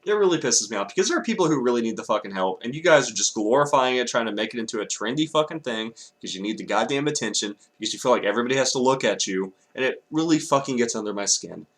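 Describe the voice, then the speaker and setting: A man's voice: mid-range voice, animated, fast talker, hardly any pauses, a bit bright. A young man from Texas ranting angrily in a vlog, swearing often and breaking off to apologize. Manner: angry, profane ranting with apologetic asides. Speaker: vlogger.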